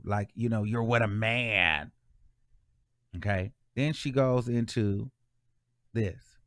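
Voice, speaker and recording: A man's voice: fairly low pitch, slow pace, long pauses, fairly bright tone, no echo, studio quality. A man hosting casual celebrity gossip commentary, chatty and full of fillers as he scrolls through posts.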